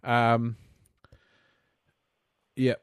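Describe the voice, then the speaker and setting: Aussie radio host in a dead dry studio, friendly upbeat patter to listeners. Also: male voice, medium pitch, monotone, very slow, smooth, no room sound. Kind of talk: talkback radio hosting. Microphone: studio microphone.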